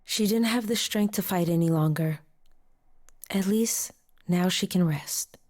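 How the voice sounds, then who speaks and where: A gracious goddess's attendant. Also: female voice, lowish voice, measured pace, darkish tone. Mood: measured. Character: composed female attendant of a goddess. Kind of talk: video game voice acting. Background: faint game music.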